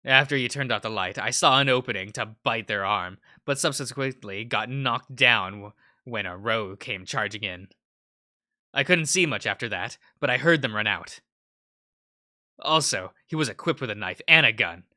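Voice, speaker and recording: A man's voice: mid-range voice, moderate pace, pushed and bright. A man voicing a level-headed male fox who speaks in a dry, matter-of-fact way.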